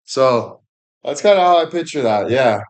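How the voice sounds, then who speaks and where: A man's voice: medium pitch, lively intonation, moderate pace. A young man hosting a casual livestream, rambling and joking crudely. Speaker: livestream host.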